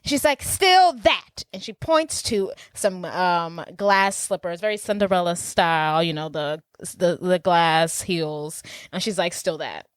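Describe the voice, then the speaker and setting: Woman co-host, casual joking film recap, lower-pitched, dry sound. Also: clean tone, no echo. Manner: quick joking asides, acts out lines. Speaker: podcast co-host. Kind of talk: casual movie recap chat.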